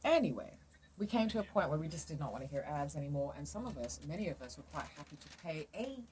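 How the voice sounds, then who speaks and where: A woman's voice: low-pitched, very animated, fast talker, darkish tone, a little hiss or hum, rough recording. A woman with a British accent, chatting casually and frankly as a podcast host, often laughing as she rambles. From England. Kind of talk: casual chat. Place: outdoors at home, laundry in the sun.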